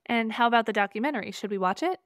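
A woman co-hosting a wine podcast, prompting the others with questions and quick quips. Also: fairly high pitch, expressive, dry recording, clean studio sound. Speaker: podcast co-host. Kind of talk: casual chat.

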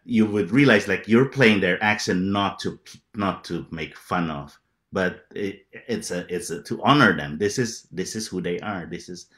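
Deep-voiced earnest man panelist. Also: fairly bright tone. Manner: earnest, halting. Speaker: improviser panelist. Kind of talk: panel discussion.

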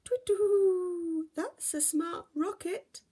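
A woman's voice: very high-pitched, very slow, dark tone, pitched above the performer's own voice, heavily acted. Woman doing a hooting cheerful storybook owl. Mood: chirpy. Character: friendly chirpy male owl.

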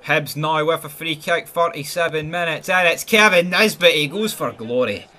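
A young Scottish man doing sweary, excitable mock football commentary over a video game, mumbling asides and yelling at chances. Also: on the high side, normal speed. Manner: excitable, sweary, jumps from mumbling asides to yelled goal calls. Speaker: gaming YouTuber.

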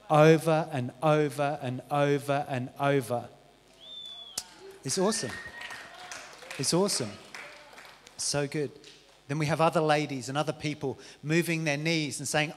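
A man preaching a lively testimony sermon to a church congregation. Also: medium pitch, normal speed, a little hiss or hum. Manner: lively storytelling, animated quoted voices. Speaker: visiting preacher. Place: church auditorium. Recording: live church sound with long reverb.

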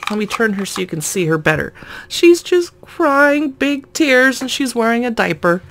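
A woman's voice: fairly high pitch, big pitch swings, moderate pace, fairly bright tone. A woman casually narrating a toy unboxing, chatty and amused, often laughing at the items.

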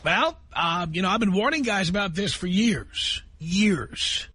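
A man hosting a call-in radio talk show, his voice sitting high for a man and husky at the edges. He lays out his views bluntly and lectures callers with firm certainty. The sound is close and completely dry. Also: lively intonation, unhurried, sharp tone, no room sound.

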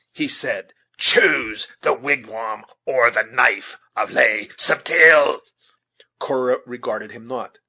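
A male audiobook narrator with a husky, slightly breathy voice, pitched squarely in the middle. He reads a classic novel with measured, dramatic pacing. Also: fairly bright tone. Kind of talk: audiobook reading.

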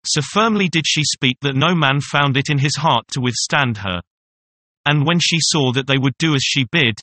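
A man narrating an old Greek legend in a steady storybook reading, speaking the quoted lines in his own voice. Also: medium pitch. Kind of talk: scripted narration of a classic tale.

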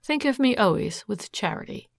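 A woman's voice: medium pitch, expressive, gravelly, dry recording, clean studio sound. A woman reading a guarded, bitter adventuress. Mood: sad. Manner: measured, quietly sad.

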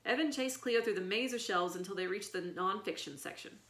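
A woman's voice: mid-range voice, fairly quick. Woman reading a children's book aloud. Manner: expressive, storytelling. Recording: echoey room.

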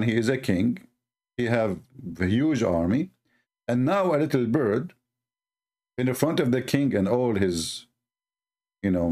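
A man from the Middle East with an Arabic accent, a native Arabic speaker, giving a sarcastic, animated commentary as a Christian apologist. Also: mid-range voice. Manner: sarcastic, animated, laughs at his own points. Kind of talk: mocking commentary talk.

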